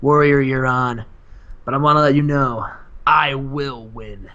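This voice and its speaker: A man putting on a cocky champion wrestler who threatens a rival in a slow, low voice, on a lo-fi mic. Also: steady tone, bright, forceful tone. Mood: menacing.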